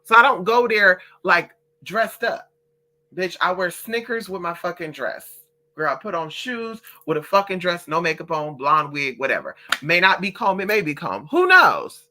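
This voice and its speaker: A woman's voice: on the low side, moderate pace. A woman telling a long, profane story in a casual storytime vlog, talking straight to her viewers and acting out other people's voices. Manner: animated, profane, chatty. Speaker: vlogger.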